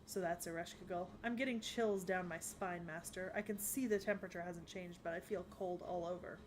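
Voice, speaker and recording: A woman voicing a soft-spoken, polite young companion who sounds uneasy, in an English anime dub. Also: lowish voice, steady tone, a little fast, a little hiss or hum, lightly acted.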